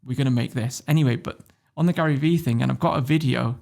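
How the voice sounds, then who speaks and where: A man with a British English accent, a podcast guest telling a story in a blunt, sweary and animated way. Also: mid-range voice, fast, vocal fry. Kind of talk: casual storytelling.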